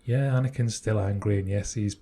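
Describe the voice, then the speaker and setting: A man co-hosts a podcast in a relaxed, speculative chat. His voice is husky and fairly low, with a mellow, dark tone. He often restarts his sentences as he works through ideas. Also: brisk. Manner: thoughtful, speculative, frequent restarts. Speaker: podcast co-host. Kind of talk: casual chat.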